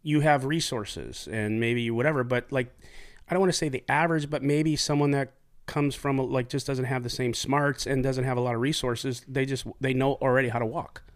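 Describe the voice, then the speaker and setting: A middle-aged man swaps stories with a co-host in loose, profane chat. He recalls his time as a police officer in a blunt, animated way, full of asides and strong language. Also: mid-range voice, fairly quick. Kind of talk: casual storytelling chat.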